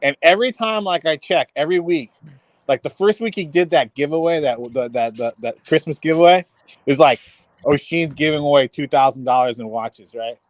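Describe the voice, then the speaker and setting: A man's voice: on the high side, a little fast, dry recording. A man chatting casually on a video-call panel, laid-back and telling stories in a loose, rambling way. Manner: laid-back storyteller, says "dude". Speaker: podcast panelist. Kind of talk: casual chat.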